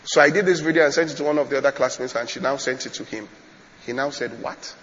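A man's voice: mid-range voice, fast talker, a bit bright, in a large hall, muffled recording, slight background noise. A male pastor preaching a sermon, telling stories and often checking whether his congregation is following. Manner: storytelling preacher, repeats phrases, checks the congregation.

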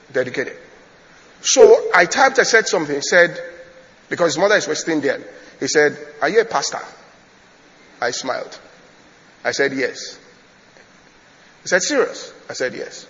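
A man's voice: mid-range voice, a bit bright, in a large hall, muffled recording. A male pastor preaching a sermon, telling stories and often checking whether his congregation is following. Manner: storytelling preacher, repeats phrases, checks the congregation.

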